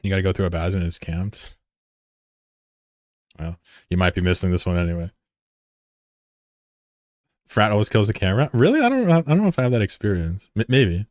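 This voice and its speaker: A man with a low voice talks in loose, rambling live-stream chat, joking and swearing as he runs his game fleet. His delivery is casual and offhand. The sound is dry and close on a desk microphone. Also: big pitch swings, a little fast, pauses often, no room sound.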